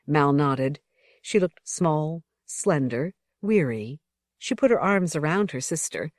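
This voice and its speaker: Low-voiced woman narrating an audiobook. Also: lively intonation, takes it slowly, no echo, studio quality.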